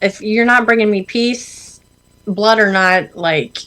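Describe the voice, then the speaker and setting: A woman's voice: mid-range voice, slow pace, bright, forceful tone, low-quality recording. A woman guest on a podcast, talking frankly and breezily in casual chat, laughing at her own stories. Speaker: podcast guest, adult performer.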